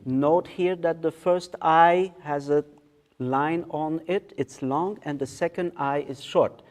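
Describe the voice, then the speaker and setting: A man teaching in a meditation hall, patiently explaining how to pronounce a mantra step by step and chanting its words slowly. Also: a little high. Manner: patient, explains step by step, often checks in with "okay?". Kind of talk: guided mantra pronunciation lesson.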